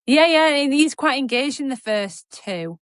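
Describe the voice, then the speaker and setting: A woman's voice: sits high, expressive, unhurried, no echo, studio quality. A woman, co-hosting a podcast in a chatty, rambling, self-mocking way and laughing easily. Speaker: podcast co-host. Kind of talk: casual chat.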